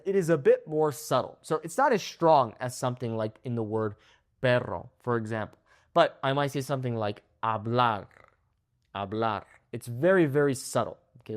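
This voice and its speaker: A young man teaching Spanish pronunciation, explaining and modeling words, checking in with frequent "okay?" prompts. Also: a little high. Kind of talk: pronunciation lesson.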